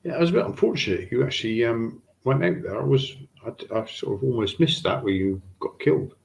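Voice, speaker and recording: A man's voice: medium pitch, lively intonation, brisk, gravelly. A man player making wry remarks during a tabletop game. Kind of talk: casual chat.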